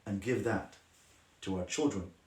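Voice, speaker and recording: Rabbi giving a passionate roomy lesson. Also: male voice, on the low side, unhurried. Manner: passionate, emphatic, drops to soft gentle tones. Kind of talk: Torah class on parenting. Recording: roomy sound from a distant mic.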